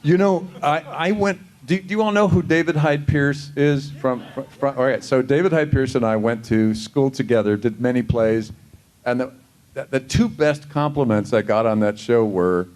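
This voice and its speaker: A man on a convention panel telling anecdotes in an animated way, often exclaiming in disbelief. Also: medium pitch, normal speed.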